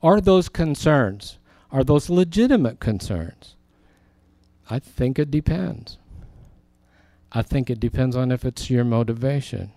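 Dry-sounding man preaching a lively sermon. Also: medium pitch, a little slow, no room sound. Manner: animated storytelling, acting out quoted voices. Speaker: pastor.

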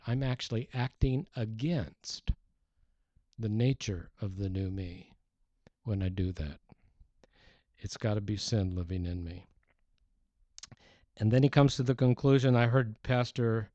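A man's voice: medium pitch, warm tone, dry recording, lo-fi sound. A man preaching a sermon, teaching earnestly with emphatic rises and frequent restarts. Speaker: pastor.

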